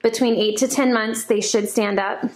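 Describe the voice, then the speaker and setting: A woman chatting casually to her vlog viewers, animated and storytelling. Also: a little high, moderate pace. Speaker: vlogger. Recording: echoey room.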